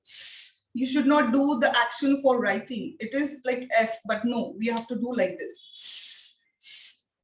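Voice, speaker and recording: A woman training teachers in phonics. She speaks in an encouraging way and drills each sound slowly and repeatedly. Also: fairly high pitch, a little hiss or hum. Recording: echoey room, distant mic.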